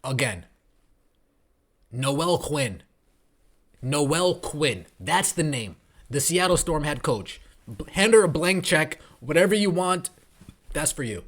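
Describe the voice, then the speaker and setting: Sports commentary turns into a rant as this New York tri-state podcast host sarcastically and profanely tears into a basketball coach. He speaks at a moderate pace in a fairly high voice with lively intonation.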